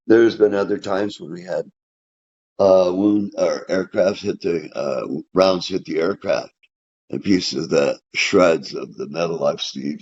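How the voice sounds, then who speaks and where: Very deep gravelly older man. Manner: plainspoken, rambling, dark humor. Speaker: veteran telling his story. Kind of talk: casual storytelling. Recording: dull lo-fi recording.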